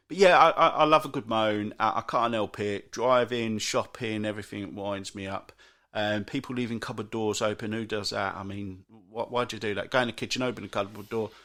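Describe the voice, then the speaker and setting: A British man hosting a solo podcast, grumbling in an exasperated rant with frequent restarts and big jumps in pitch. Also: a bit bright. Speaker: podcast host. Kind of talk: solo ranting monologue.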